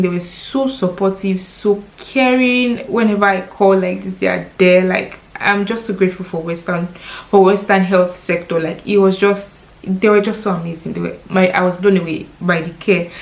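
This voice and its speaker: A Nigerian woman in her thirties speaks to her vlog audience about something deeply personal. Her voice is tearful at times and heartfelt, and she repeats words for emphasis as she tells her story. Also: rough recording. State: crying at times. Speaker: lifestyle vlogger.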